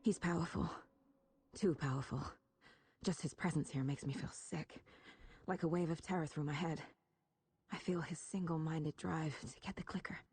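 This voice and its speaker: An actress playing a troubled investigator in a video game, speaking a tense, shaken inner monologue. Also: female voice, low voice, steady tone, normal speed, darkish tone, breathy edge. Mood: uneasy.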